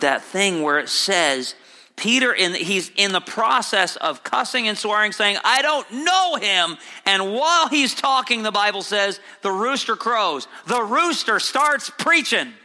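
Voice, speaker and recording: Male preacher, emphatic sermon, repeats phrases, somewhat high voice, gravelly, long hall reverb. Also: sharp tone. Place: church sanctuary, broadcast on air.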